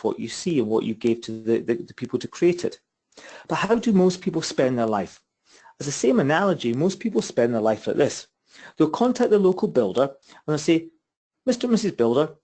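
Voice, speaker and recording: A man's voice: medium pitch, dark tone, husky. Chatty man giving a webinar. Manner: chatty, repetitive, asks rhetorical questions. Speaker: property investment mentor. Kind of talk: webinar presentation. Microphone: computer mic on a webinar call.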